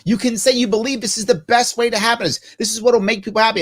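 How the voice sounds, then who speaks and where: A man hosting a live ask-me-anything show, talking in a preachy, animated way, asking himself rhetorical questions and acting out both sides of imagined conversations. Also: very high-pitched, fast, few pauses, slightly rough. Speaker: livestream show host.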